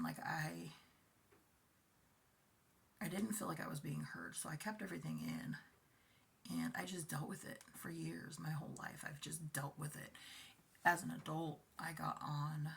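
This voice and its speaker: A woman in her forties giving a personal, confessional talk to camera, speaking softly and haltingly, often near a whisper and emotional at times. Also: low-pitched, creaky, slightly rough. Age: 40s. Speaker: vlogger.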